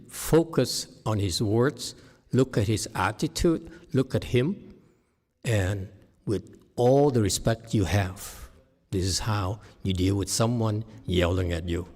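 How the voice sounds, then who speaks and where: Animated man giving a dharma talk. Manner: animated, swings from low murmur to loud exclaiming, laughs. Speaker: meditation teacher. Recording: long hall reverb.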